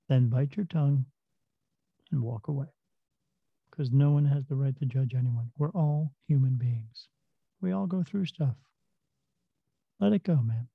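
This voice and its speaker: A man's voice: on the high side, vocal fry, no echo, narrow, tinny audio. A man talking casually and earnestly, telling a story from his work and giving plain-spoken advice with the odd swear word.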